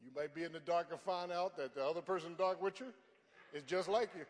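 An older man preaching a sermon, telling stories from his life and rising to fervent shouts. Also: on the high side, fast talker, long reverb tail. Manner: storytelling, builds to fervent shouting.

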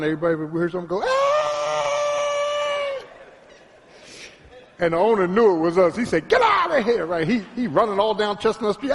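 A man preaching a sermon as pastor, trading calls with the congregation and swinging between quiet storytelling and shouted peaks. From Philadelphia. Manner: preaching with call-and-response, rising to shouts; drops to a low, quiet storytelling voice. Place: church sanctuary. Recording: long hall reverb in a church.

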